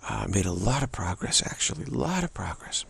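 Very husky, gravelly-voiced man musing. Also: on the low side, big pitch swings, fairly bright tone. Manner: halting, repeats words and restarts often. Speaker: spiritual teacher. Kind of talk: reflective spiritual monologue.

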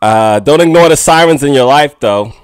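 A man's voice: medium pitch, animated, normal speed, clean tone, dry recording. A young man hosting a podcast, talking alone in a goofy, rambling way and laughing often. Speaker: podcast host. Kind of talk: casual solo monologue. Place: outdoors in the city with sirens.

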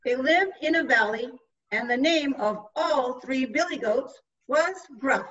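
Woman slowly reading a storybook aloud. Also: high voice, far from the mic, lo-fi sound. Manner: slow, expressive storytelling. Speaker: narrator.

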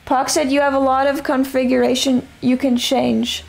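A young woman streaming a survival game, her voice going hoarse as she rambles and narrates her moves with casual swearing. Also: sits high, flat delivery, moderate pace. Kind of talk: casual live-stream chatter.

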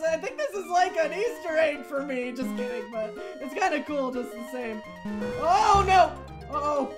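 A woman's voice: high-pitched, expressive, normal speed. A young woman playing a horror game for her channel, jumpy and giggly, squealing at the scares and chatting to her viewers in between. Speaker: gaming YouTuber. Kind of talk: horror game let's play commentary. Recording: game music playing behind.

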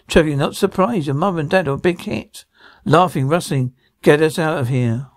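A man's voice: a little high, moderate pace, dry recording, studio quality. A man reading every part of a drama aloud, sound cues included, with slips and restarts. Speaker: radio show reader voicing a TV drama.

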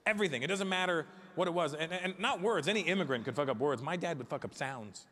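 A man from North America doing animated, sarcastic stand-up comedy on a comedy stage. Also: a little high, fast, big-room sound. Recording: noisy live stage recording.

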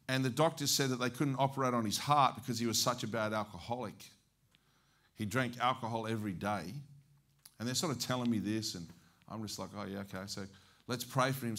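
A man with an Australian accent preaching as an evangelist, telling stories in a lively way and acting out the dialogue. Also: medium pitch. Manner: animated, acts out dialogue. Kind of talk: storytelling sermon.

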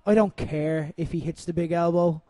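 A young adult Irish man hosting a comedic wrestling podcast, telling animated stories with casual swearing and frequent laughter. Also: on the high side, moderate pace, no room sound. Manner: animated storyteller, swears freely, laughs often.

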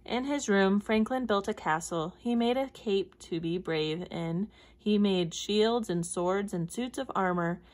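A woman reading a children's picture book aloud in a clear, measured storytelling voice. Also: mid-range voice, darkish tone. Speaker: storybook reader.

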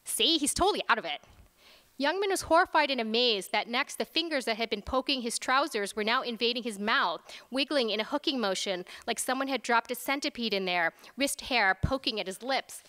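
A woman reads her own story aloud at a conference, expressive and ready to slip into voices for her characters. Her voice is bright and sits a little high. A long reverb from a large lecture hall trails behind her. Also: brisk, hardly any pauses, clear, resonant tone. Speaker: author reading her fiction.

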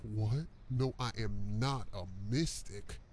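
A man's voice: fairly low pitch, slow pace, slight background noise. A man doing a slangy street psychic. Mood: hustling. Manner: slangy, laid-back hustler talk. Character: hustling streetwise male psychic fortune teller. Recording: game audio with loud music behind.

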